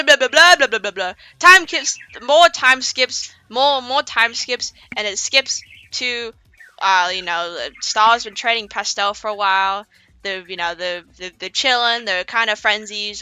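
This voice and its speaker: A woman's voice: mid-range voice, moderate pace, pushed and bright, clear, resonant tone, no echo, low-quality recording. A woman streamer telling a story on a casual stream, rambling and profane, with lots of fillers.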